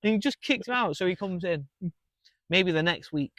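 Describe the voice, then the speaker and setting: Young manchester guy, lively storyteller, kinda high voice, dry close mic. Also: moderate pace, dry recording. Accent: Mancunian English. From England. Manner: animated, laughing storyteller. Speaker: guest comedian. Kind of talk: casual storytelling.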